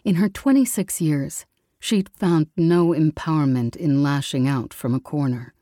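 A woman giving a slow, even scripted narration of a story. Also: sits low, no room sound, clean studio sound. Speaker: audiobook narrator.

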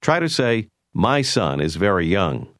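A man narrating a language course in a clear, measured way, prompting the learner with phrases to say. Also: deep voice, big pitch swings, fairly bright tone, no echo, studio quality. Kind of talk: scripted instructional narration.

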